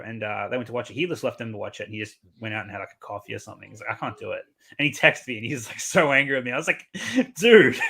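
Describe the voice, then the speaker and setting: A man's voice: mid-range voice, pushed and bright. A man hosting a podcast, telling a story casually, with lots of swearing and animation. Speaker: podcast host.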